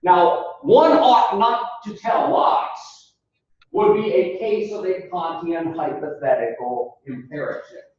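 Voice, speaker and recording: A man lecturing a philosophy class, deliberate and explanatory, calling the students folks and quizzing them as he goes. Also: high-pitched. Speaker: philosophy instructor. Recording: echoey classroom recorded from far off, dull lo-fi sound.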